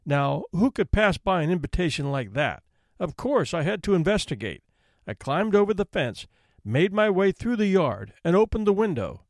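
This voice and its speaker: A cheeky, self-pitying thief with a limp pleads his case in a slightly raised, lively voice, put on by a male storyteller. The delivery swings up and down, recorded close and dry. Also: high voice, normal speed, no echo. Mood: brazen. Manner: brazen, self-pitying complaint. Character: smug limping male thief demanding justice.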